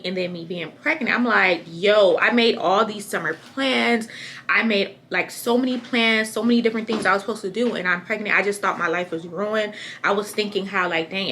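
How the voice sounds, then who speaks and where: Bright-voiced young woman chatting candidly. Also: medium pitch, slight background noise. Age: young adult. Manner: chatty, candid, rambling with repeats. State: pregnant. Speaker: vlogger. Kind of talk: casual pregnancy update to camera.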